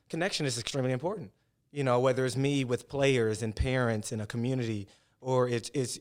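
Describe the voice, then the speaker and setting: Man hosting a friendly interview. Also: medium pitch. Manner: encouraging, laughs along, rambling questions. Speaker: podcast host and coach. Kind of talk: casual interview.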